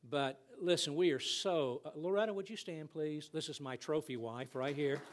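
A man's voice: on the high side, moderate pace. Folksy man greeting a church. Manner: folksy, joking. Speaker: guest speaker, ministry president. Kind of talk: friendly guest address to a church.

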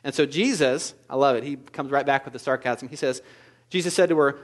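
A man preaching a sermon as pastor, moving between quiet, intimate asides and loud, emphatic exhortation. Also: mid-range voice, a little fast.

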